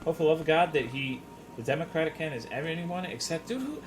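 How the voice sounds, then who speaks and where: Faint music plays behind a man whose slightly high voice comes out rapid-fire. He is streaming a video game and chatting casually with viewers in profane, jokey banter.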